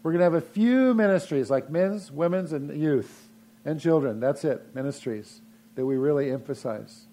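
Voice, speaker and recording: A man's voice: fairly high pitch, expressive, normal speed, warm tone. A man preaching a sermon as pastor of his church, in a folksy, conversational way with frequent restarts.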